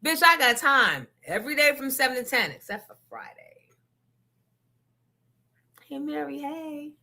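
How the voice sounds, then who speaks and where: Female host, confrontational profane rant, bright tense tone. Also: high-pitched, big pitch swings, fairly quick. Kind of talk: casual rant to listeners.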